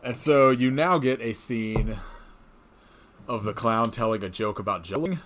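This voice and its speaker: A man's voice: medium pitch, a little slow, fairly bright tone, a little hiss or hum. A man casually recapping a movie on a podcast, rambling with many fillers, swearing and laughing often. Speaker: podcast co-host.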